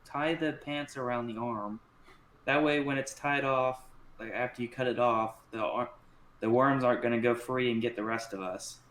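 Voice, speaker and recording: A male player talks through plans in a brisk, practical way. His voice echoes in the room over a faint hiss. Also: medium pitch, steady tone, a bit bright. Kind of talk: casual tabletop game chat.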